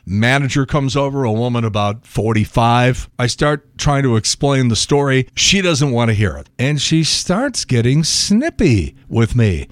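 Indignant animated middle-aged man. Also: medium pitch, measured pace, hardly any pauses, no room sound. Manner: indignant, animated, acts out both sides of arguments. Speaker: podcast host. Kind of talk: monologue storytelling.

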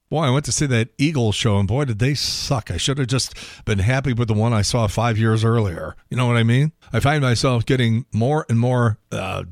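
Ein Mann mittleren Alters, der als Podcast-Moderator unverblümt und meinungsstark vor sich hin schimpft, mittlere Stimmlage, trockene Aufnahme ohne Hall. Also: male voice, mid-range voice, studio quality. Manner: blunt, opinionated, grumbling rant with swearing. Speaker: podcast host. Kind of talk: casual monologue, movie review.

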